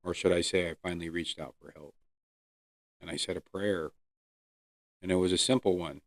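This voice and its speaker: A man hosting his own podcast, earnestly telling his personal recovery story with pauses and fillers. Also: low-pitched, steady tone, dry recording. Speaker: podcast host. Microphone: close podcast mic.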